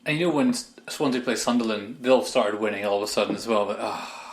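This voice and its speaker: A man's voice: lowish voice, quick pace. A man co-hosting a football podcast, chatting in a wry, grumbling way. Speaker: podcast co-host. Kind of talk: casual chat.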